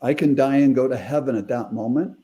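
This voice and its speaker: A middle-aged man tells a story in an earnest, emotional way and acts out the dialogue. His voice is mellow and dark, at an ordinary pitch for a man. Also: brisk. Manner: earnest, emotional, animated retelling with quoted dialogue. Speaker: guest. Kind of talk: heartfelt storytelling interview.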